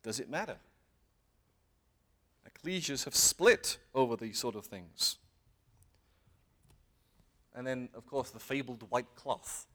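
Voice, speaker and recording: A man's voice: mid-range voice, lively intonation, slow, pauses often, fairly bright tone. A man giving an earnest sermon to a congregation, often posing questions and pressing his points with emphatic rises. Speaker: lay preacher. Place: meeting hall with congregation.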